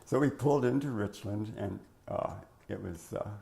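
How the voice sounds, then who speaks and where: An older man looks back on his early working years in a long, rambling oral history interview. His voice sits low with a gravelly fry, and it cracks at times. He wanders through fillers and restarts as he remembers. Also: normal speed, warm tone.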